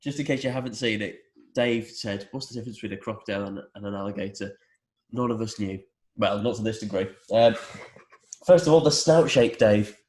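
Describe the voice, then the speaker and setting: A man's voice: on the low side, fairly quick, a little mellow. A man hosting a casual podcast chat, reading out facts with a dry, teasing delivery. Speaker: podcast host. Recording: echoey room.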